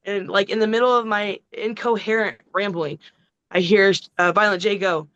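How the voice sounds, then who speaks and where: A middle-aged woman, a wrestler, telling a long story in a casual, profane, animated way. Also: mid-range voice, normal speed, dull audio. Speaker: wrestling guest.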